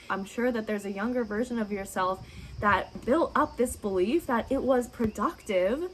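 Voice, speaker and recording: A woman speaking as a registered dietitian, her voice sitting a little high as she offers advice directly to the camera. She sounds encouraging and reassuring, and she keeps asking rhetorical questions. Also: poor audio.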